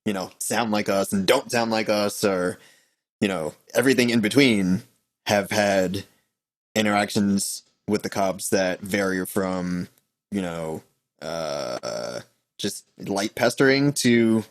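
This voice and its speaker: Low-voiced man hosting a video call. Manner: halting, many fillers. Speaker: podcast host. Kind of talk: casual interview on a video call.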